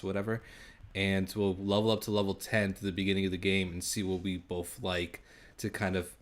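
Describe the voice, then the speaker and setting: A man with a very deep voice hosts a casual podcast chat. He talks in an easy, conversational storytelling way. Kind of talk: casual chat about video games.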